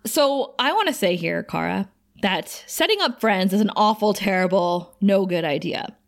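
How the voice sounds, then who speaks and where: Animated woman recapping an episode. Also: mid-range voice, moderate pace, vocal fry. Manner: animated, retells scenes quoting characters. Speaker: podcast co-host. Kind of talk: casual recap chat.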